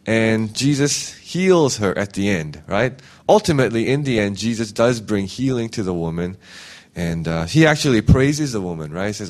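Man, casual sermon, lively pitch, chatty, keeps asking "right?", acts out quoted voices. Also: normal speed. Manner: conversational, frequent "right?" tag questions. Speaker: preacher.

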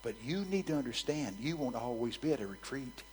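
A male preacher delivering a sermon at an ordinary, mid-range pitch, speaking frankly and conversationally as he tells a vivid story. His volume swings from hushed, almost whispered lines to loud, emphatic bursts. A faint hum sits under the recording. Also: animated, fairly quick, low-quality recording.

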